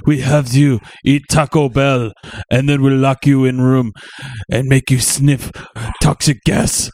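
A man's voice: medium pitch, flat delivery, measured pace, a little mellow, no room sound. A man co-hosting a casual podcast, cracking dry, crude jokes. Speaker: podcast co-host.

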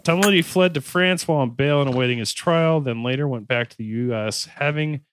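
A man's voice: medium pitch, a little fast, noisy background. A man hosting a casual podcast, reading history notes aloud and breaking into laughs and goofy asides. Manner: laughs often, goofy bits. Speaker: podcast host.

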